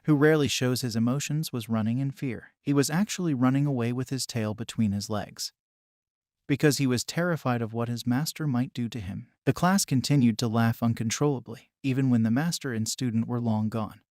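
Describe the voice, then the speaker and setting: A man doing scripted story narration, reading in an even, measured way. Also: medium pitch, no room sound, clean studio sound.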